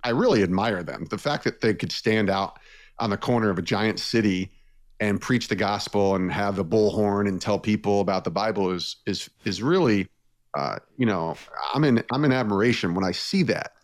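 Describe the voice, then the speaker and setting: A man appearing as a radio interview guest, telling a personal story in a lively way, with his voice lifting when he is moved. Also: fairly low pitch, moderate pace.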